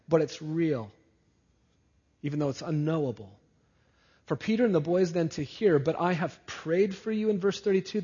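A man preaching a sermon in a deliberate way, often dropping low and soft at the ends of phrases. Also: breathy edge, lo-fi sound. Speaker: pastor.

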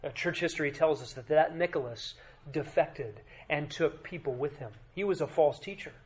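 A man preaching a sermon as pastor, emphatic, with dramatic drops to a quiet voice and rhetorical questions to the congregation. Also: on the high side, moderate pace, slightly rough.

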